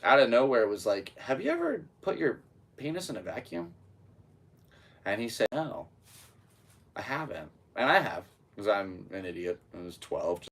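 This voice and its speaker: A young man hosting a casual solo podcast, rambling and animated, now and then breaking into loud yelps. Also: deep voice, distant mic. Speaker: podcast host.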